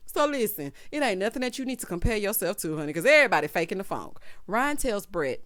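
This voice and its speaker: A woman giving a sassy, gossipy recap of a reality show, calling people "honey" and "child" and breaking into loud laughter. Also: medium pitch, fast, few pauses, dry recording, clean studio sound. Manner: animated, bursts into loud laughter.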